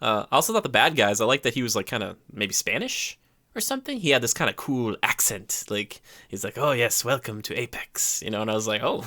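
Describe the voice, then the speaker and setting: A man's voice: medium pitch, very animated, fast, bright, forceful tone. A man co-hosting a podcast, chatting casually about a movie and acting out scenes in quoted voices. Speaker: podcast co-host. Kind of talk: casual movie review chat.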